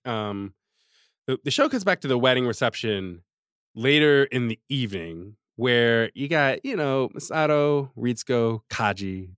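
A man co-hosting a podcast in casual chat, animated and laughing often, recapping episodes on a close mic. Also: medium pitch, clean tone, no room sound. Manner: animated, laughing, slips into quick character voices. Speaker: podcast co-host recapping an anime.

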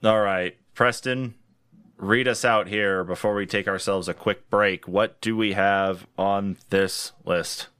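Low-voiced man running the discussion. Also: steady tone, slow, fairly bright tone, smooth, no room sound, studio quality. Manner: businesslike, steers the talk. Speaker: podcast co-host. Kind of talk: casual chat, moderating the discussion.

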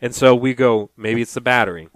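A man's voice: medium pitch, fairly even intonation, brisk, fairly bright tone, dry recording. A man co-hosting a podcast, chatting casually and acting out phone calls as he tells a story. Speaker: podcast co-host. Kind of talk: casual chat.

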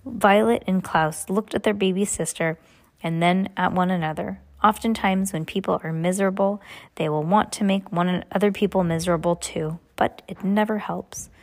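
A woman's voice: medium pitch, fairly even intonation, moderate pace, darkish tone. A woman reading a novel aloud, often stumbling and restarting her sentences. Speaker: reader.

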